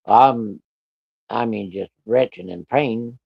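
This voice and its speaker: A man's voice: mid-range voice, moderate pace, long pauses, dry recording, dull audio. A man telling a personal story in a casual, plainspoken way, with plenty of profanity. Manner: plainspoken, profane, vivid retelling.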